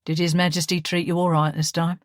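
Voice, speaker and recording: A man's voice: a little high, little pitch movement, brisk, no echo, studio quality, lightly acted. A woman voicing a young, charming male crime boss with a Cockney accent, breezy and falsely friendly. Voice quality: breezy, matey.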